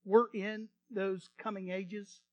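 A male pastor delivering a sermon in a high voice. He swings from loud, emphatic passages to quiet, hushed asides and has the congregation repeat lines after him. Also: little pitch movement, takes it slowly, dry recording. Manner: repeats words when starting phrases.

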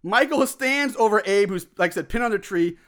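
A man casually recapping a film plot as a podcast host, animated, acting out shouted lines and laughing often. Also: sits high, brisk. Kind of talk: casual chat.

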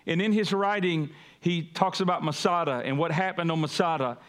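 A pastor preaching a sermon, calling on the congregation to repeat after him and building to emphatic peaks. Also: male voice, on the high side, normal speed. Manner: call-and-response preaching, rising to emphatic peaks.

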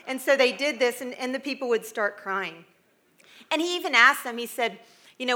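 Speaking to a live audience, this middle-aged American woman is chatty and funny, wandering through asides with frequent laughter. She has a mid-range voice with a sharp tone and a moderate pace.

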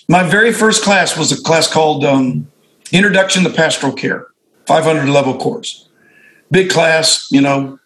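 A man's voice: a little high, fairly bright tone, reverberant, rough recording. A middle-aged male pastor telling stories in a reflective conversation, often restarting and correcting himself. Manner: reflective storytelling with frequent restarts and self-corrections. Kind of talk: conversational discussion among fellow pastors.

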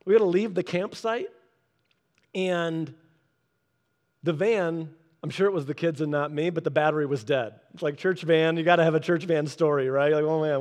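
A man preaching, telling a story in an animated way and acting out the quoted people in changed voices. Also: high voice. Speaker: pastor. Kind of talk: storytelling sermon. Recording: long hall reverb.

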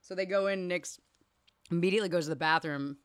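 A young woman with a fairly low voice recaps a film for her podcast. She jumps between narration and quoted dialogue, laughing and cursing freely. Her voice sounds dry and close to the mic. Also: fairly quick, smooth, no room sound. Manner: retells scenes with quoted voices, laughs often, swears. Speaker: podcast co-host. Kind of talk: casual movie recap chat.

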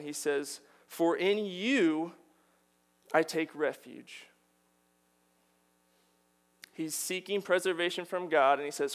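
A man's voice: fairly high pitch, clean tone. A man preaching a sermon, earnest and building to emphatic declarations.

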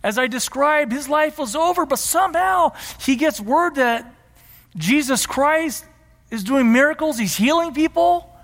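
Man, pastor, sermon, high voice, emphatic, repeats phrases, long hall echo. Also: lively intonation, unhurried, a bit bright.

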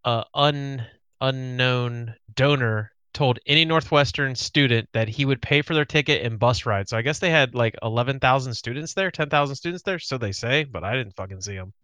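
A man co-hosting a casual sports podcast, telling loose, animated stories. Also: mid-range voice, normal speed, smooth, dry recording. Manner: loose storytelling, animated retelling. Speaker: podcast co-host. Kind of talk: casual chat.

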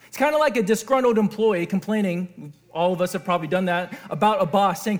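A male pastor delivers a sermon in a lively way, stopping often to put questions to his listeners. His speaking voice sits very high for a man. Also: brisk. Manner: animated, asks the audience questions.

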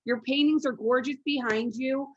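A woman's voice: sits high, fairly even intonation, moderate pace, husky. Gushing woman host, dull lo-fi sound. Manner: effusive, gushing praise. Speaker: podcast host. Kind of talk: casual podcast interview.

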